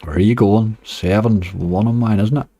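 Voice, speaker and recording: A man's voice: on the low side, moderate pace, mellow. Northern Irish man chatting over roulette. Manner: chatty, talks to his chat, groans at near misses. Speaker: slots streamer. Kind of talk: live casino stream commentary.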